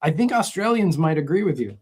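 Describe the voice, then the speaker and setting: A middle-aged man hosting a casual guitar livestream, reading viewer comments and explaining gear in a relaxed, roundabout way. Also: fairly high pitch, a little fast, breathy edge. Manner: relaxed and explanatory, with many restarts. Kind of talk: casual live chat answering viewer comments.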